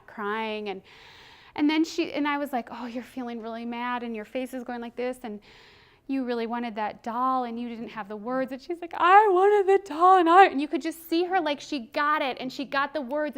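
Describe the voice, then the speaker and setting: A woman giving a conversational presentation to educators, animated and chatty, sometimes acting out children's voices. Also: fairly high pitch. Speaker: presenter on child emotional development.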